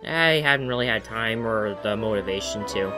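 A man's voice: lowish voice, lively intonation, moderate pace, over loud music. A man giving casual let's-play commentary, chatty and rambling as he talks to himself while playing.

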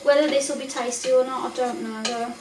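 A woman's voice: high-pitched, fairly even intonation, fairly quick, a little hiss or hum. A woman chatting casually and mocking herself as she cooks in her home kitchen, recorded on a camera set back across the room. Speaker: home cooking vlogger. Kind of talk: casual cooking vlog chat. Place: home kitchen with boiling pots. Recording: echoey kitchen from a distance.

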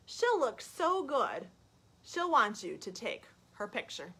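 A woman's voice: a little high, measured pace, husky. Playful woman reading to little kids. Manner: playful, animated, talking to young children. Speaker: children's librarian. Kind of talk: children's storytime reading and singing. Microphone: webcam or phone, livestream.

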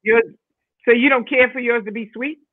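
A woman's voice: a little high, steady tone, moderate pace, slightly rough, no echo. A woman from the Bronx, co-hosting a casual chat and steering the segments. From the Bronx, New York. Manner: chatty, wraps up segments. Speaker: co-host. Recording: tinny phone-like line.

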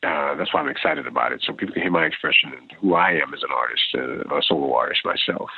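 Deep raspy american guy on a tinny phone line, talks in halting starts. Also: no room sound. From United States. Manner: emotional, halting, many restarts. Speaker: drummer guest. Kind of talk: phone interview.

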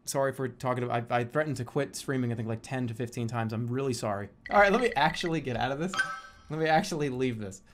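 A man's voice: mid-range voice, fast talker, slight background noise. Swearing streamer man, theatrical rants. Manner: theatrical mock-angry ranting, lots of swearing, swings to loud outbursts. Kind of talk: casual live-stream chat while gaming. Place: home streaming setup, seated at a desk. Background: game music.

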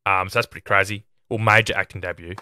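A man's voice: low voice, fairly even intonation, fast talker, sharp tone, no echo, studio quality. A man hosting a film podcast, chatting casually and giving his opinions on a movie. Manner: chatty and opinionated, often starts with "look". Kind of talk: casual film review monologue.

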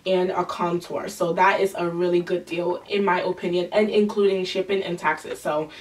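A woman's voice: lowish voice, flat delivery, normal speed, distant mic. A young woman with a nasal voice, chatting through a casual makeup review, gushing and restarting her sentences often. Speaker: beauty vlogger.

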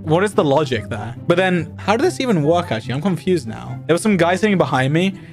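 A young man with a slightly high voice tells a story casually and keeps tumbling through "like" fillers. He sounds indignant and amused at once. Soft music plays faintly behind him. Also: sing-song, fast. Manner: rambling, with frequent "like" fillers. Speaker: streamer. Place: home streaming setup.

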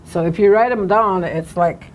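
A woman teaching a language class, sounding out words slowly syllable by syllable. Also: medium pitch, slight background noise. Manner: slow, drawn-out syllable-by-syllable pronunciation.

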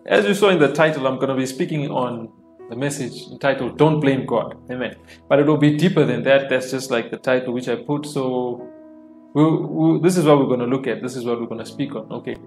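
A man preaching an informal online sermon, repeating phrases and dropping in frequent amens, slowing down to stress key lines. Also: mid-range voice. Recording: echoey room with soft worship music.

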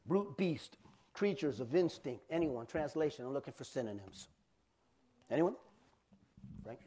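An animated male pastor preaching in a fairly high voice. He talks in a loose, conversational way and often turns to quiz his congregation. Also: a little slow, breathy edge. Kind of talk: sermon.

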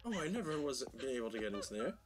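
A man giving let's play commentary on a horror game, talking to himself in quick, puzzled remarks. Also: mid-range voice, sing-song, background noise. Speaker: gameplay commentator.

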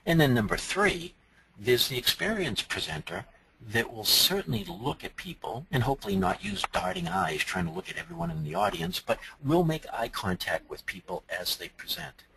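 A man from Massachusetts giving a conference talk as a presentation trainer, animated and strongly inflected. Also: medium pitch, moderate pace, gravelly, slightly rough, low-quality recording.

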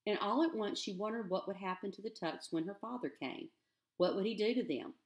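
A woman teacher reading a children's novel aloud in an expressive, steady storytelling manner. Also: mid-range voice, fairly quick.

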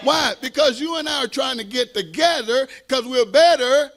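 Man preaching, very high voice, fervent, call-and-response asides, joking at his own expense. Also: animated, normal speed, a bit bright, faint music behind. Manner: playful, self-deprecating humor. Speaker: pastor. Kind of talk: sermon.

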